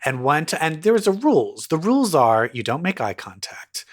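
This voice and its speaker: A man's voice: a little high, big pitch swings, moderate pace. A man in his forties co-hosting a podcast, chatting casually with rambling, crude jokes that trail off into laughter. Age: 40s. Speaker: podcast co-host. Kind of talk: casual chat.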